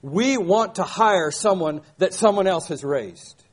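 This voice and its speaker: A man's voice: high voice, expressive, measured pace. An older man preaching a sermon, emphatic, repeating key phrases and asking rhetorical questions. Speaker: pastor.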